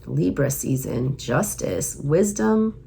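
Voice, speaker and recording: A woman with a Southern US accent giving a casual tarot reading, emphatic and repeating her points, her voice going hoarse. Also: low voice, lively intonation, slow pace, warm tone. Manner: emphatic, repeats herself, urging viewers. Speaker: tarot reader.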